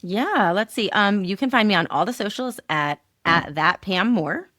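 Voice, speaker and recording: A woman comedian, a podcast guest, telling animated stories with laughter and the odd swear word. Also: mid-range voice, moderate pace, dry recording, studio quality. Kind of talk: casual podcast storytelling.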